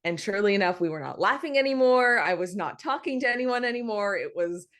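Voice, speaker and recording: A young woman tells a personal story in a relaxed podcast chat. She speaks at a middle pitch, animated and quick to laugh, with many "like"s and restarts. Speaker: podcast guest. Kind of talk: casual birth story interview.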